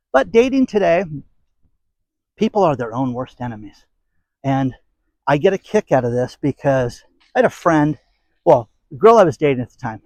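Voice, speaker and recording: A man's voice: on the high side, a little mellow, no echo, low-quality recording. A middle-aged man hosting a commentary channel, ranting bluntly and emphatically to camera, with sarcastic asides and repeated phrases. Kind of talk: opinionated rant to camera.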